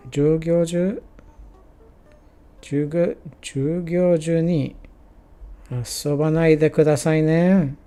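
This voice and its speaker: A man streams his Japanese study, slowly sounding out practice sentences with many restarts and chatting casually in between. His voice is a little high and warm.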